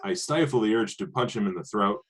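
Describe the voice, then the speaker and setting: Low-pitched male player, halting and filler-heavy. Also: animated, husky. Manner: halting, lots of uh and um. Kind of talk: casual role-play chat.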